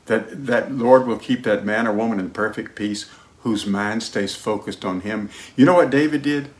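A man preaching a sermon as pastor, emphatic, moving between loud declarations and hushed lines. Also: lowish voice, moderate pace. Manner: sings hymn lines.

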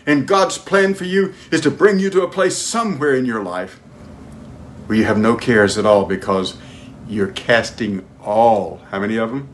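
A man preaching a sermon, asking his listeners direct questions and swinging between loud emphatic highs and hushed low prayer. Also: slight background noise.

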